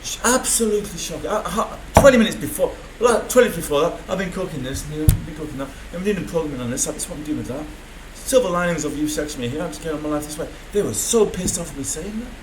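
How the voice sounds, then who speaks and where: A man's voice: a little high, lively intonation, fast talker, noisy background. Rambling man in an echoey room. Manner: rambling, swears often. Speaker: vlogger. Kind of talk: unscripted video diary. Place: room in a mental health hospital.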